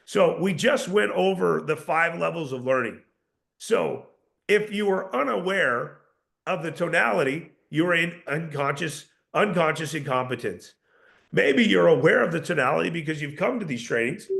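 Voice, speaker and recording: A sales trainer with a gravelly, somewhat raised male voice runs a live session for his team. He fires off rhetorical questions and restarts his sentences as he coaches. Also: fairly high pitch, expressive, normal speed, fairly bright tone.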